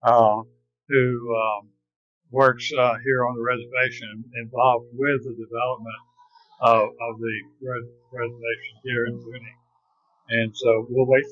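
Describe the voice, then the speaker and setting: A man's voice: medium pitch, little pitch movement, a little slow, muffled recording. A man hosting a casual outdoor interview, rambling with many fillers and restarts. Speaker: host.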